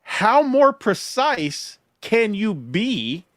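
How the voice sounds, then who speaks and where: A man guest explaining legal points in casual commentary, animated and profane, often laughing. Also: sits high, very slow, no echo, clean studio sound.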